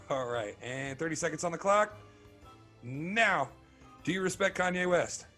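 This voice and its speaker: A man hosting a casual podcast quiz game, firing off quick questions and laughing often. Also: fairly high pitch, lively intonation, pushed and bright, faint music behind.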